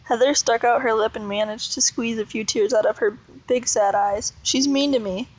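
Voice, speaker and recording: A woman's voice: fairly high pitch, normal speed, muffled recording. Woman reading a children's novel aloud. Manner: steady, plain reading with small slips. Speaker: reader.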